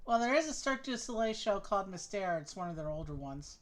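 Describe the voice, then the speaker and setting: A woman's voice: medium pitch, animated, fast talker. A woman playing a game with a friend, reading dialogue aloud with wry comments. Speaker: co-host of game stream.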